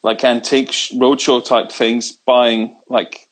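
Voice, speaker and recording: A man's voice: mid-range voice, little pitch movement, slow pace, low-quality recording. A man from the UK, a comedian guesting on a video chat show, talking in an easygoing, wry, meandering way while holding his phone. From United Kingdom. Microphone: handheld phone on video call.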